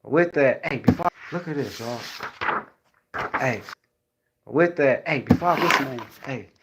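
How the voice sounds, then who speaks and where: A man's voice: a little slow, heavy background noise. A man with a young son talks casually to viewers in a rambling, profane monologue, repeating "you know what I'm saying" and acting out the voices of the people he quotes. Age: adult with a young son. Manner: acts out quoted voices, jumping high and loud. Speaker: vlogger speaking to viewers.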